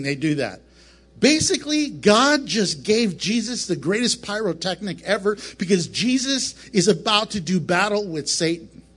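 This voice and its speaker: Animated, high-pitched preacher man. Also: slightly rough. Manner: animated, joking, self-interrupting. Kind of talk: casual Bible teaching to camera. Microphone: camera mic up close.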